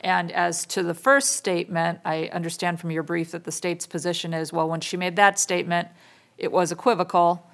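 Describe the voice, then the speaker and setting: Gravelly low-voiced woman judge. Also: level tone, moderate pace. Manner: probing, methodical. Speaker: appellate judge. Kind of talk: questioning counsel from the bench.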